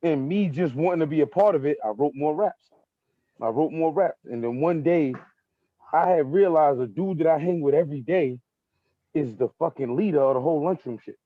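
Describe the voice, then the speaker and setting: A man's voice: a little high, moderate pace, dry recording. Laid-back Brooklyn man, dull dry sound. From Brooklyn, New York. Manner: laid-back street slang, keeps saying "you feel me". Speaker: battle rapper guest. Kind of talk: casual interview talk.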